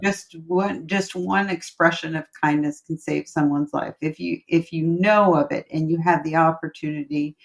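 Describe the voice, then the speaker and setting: A woman with a somewhat low voice speaks as a podcast guest. She talks in a casual, heartfelt way. She often repeats words to stress a point. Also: steady tone, moderate pace, gravelly, hardly any pauses. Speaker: guest, relationship coach. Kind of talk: casual interview chat, storytelling.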